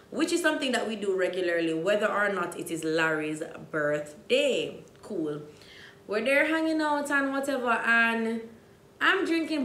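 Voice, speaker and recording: A young Jamaican woman with a Jamaican accent, telling a dramatic storytime, dropping to hushed asides and rising to loud outbursts. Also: medium pitch, roomy sound. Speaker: vlogger. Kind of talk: storytime vlog.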